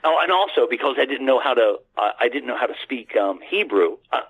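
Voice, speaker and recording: A man's voice: mid-range voice, animated, brisk, gravelly, slightly rough. A man telling a long personal story as a radio guest, earnest and rambling, with many restarts, addressing the host by name. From United States. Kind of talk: casual storytelling on a phone-in radio show. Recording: tinny phone line.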